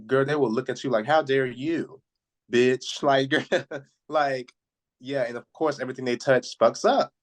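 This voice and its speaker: A man's voice: mid-range voice, steady tone, moderate pace. A man co-hosting a casual podcast, sassy and sarcastic in his remarks. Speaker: podcast co-host.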